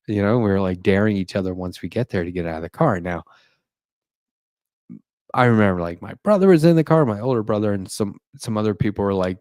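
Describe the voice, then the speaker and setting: Low-voiced man telling a rambling story. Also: a little fast, a little mellow, clear, resonant tone, dry recording. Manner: rambling, profane, laughs mid-sentence. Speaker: podcast host. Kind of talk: casual storytelling. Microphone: desk mic for a live stream.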